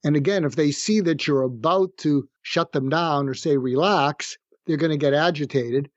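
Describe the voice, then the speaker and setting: A middle-aged man with a somewhat high voice explains conflict techniques calmly and methodically, slowing down to act out example lines. The sound is dry and a little muffled, as if over a remote link. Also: dry recording. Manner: calm, explanatory, acts out sample phrases slowly. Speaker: psychiatrist guest. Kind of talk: conversational podcast interview. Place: room with street noise outside.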